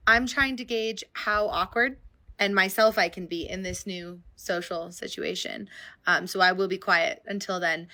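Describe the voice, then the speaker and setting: A woman's voice: fairly low pitch, bright, forceful tone, low-quality recording. A woman chatting casually in a wry, hesitant, self-deprecating way. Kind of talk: casual chat.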